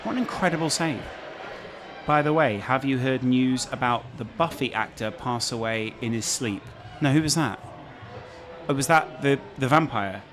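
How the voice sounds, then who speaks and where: A man's voice: mid-range voice, moderate pace. A man hosting a live match watch-along, bantering and reacting to the game. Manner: chatty, bantering, exclaims at big moments. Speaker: host. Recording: loud crowd noise behind.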